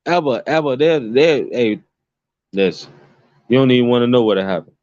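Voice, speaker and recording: A man's voice: mid-range voice, expressive, normal speed, darkish tone, no echo. Profane man ranting, dull lo-fi audio. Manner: emphatic, repetitive, swears constantly. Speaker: commentary vlogger. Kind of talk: profane rambling commentary. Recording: dull lo-fi dry recording.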